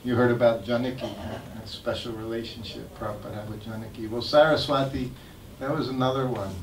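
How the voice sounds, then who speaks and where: An older man, telling stories about his memories in an animated way and laughing as he goes. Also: medium pitch, fairly quick, slight background noise. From United States. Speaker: guest speaker sharing memories. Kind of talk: anecdotal storytelling talk. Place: temple hall. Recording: echoey hall, mic at a distance.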